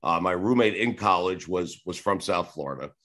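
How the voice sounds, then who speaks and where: Guest spot: deep-ish man in his forties from New York, loose rambling anecdotes, casual cursing. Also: animated, normal speed, fairly bright tone. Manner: rambling, acts out old conversations, swears casually. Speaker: sports radio host, podcast guest. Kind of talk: casual interview storytelling.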